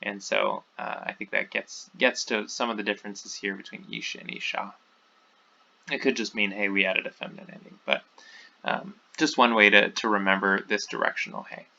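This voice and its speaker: A man talks through a recorded lecture in a loose, unscripted way, full of ums and false starts. His voice is gravelly with a bright edge, and the audio sounds dull and lo-fi. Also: lowish voice, fairly even intonation, moderate pace. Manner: informal, many fillers and restarts. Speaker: teacher.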